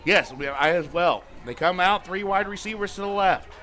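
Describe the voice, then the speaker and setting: A man calling a high school football game live on radio as play-by-play announcer, with quick play calls that climb to shouts on big plays. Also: poor audio. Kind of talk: live radio sports commentary.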